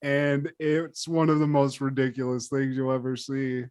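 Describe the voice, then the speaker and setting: A man's voice: mid-range voice, completely flat delivery, normal speed, a little mellow, clean tone, no echo. A man co-hosting a podcast in casual chat, joking and swearing, often laughing. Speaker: podcast co-host.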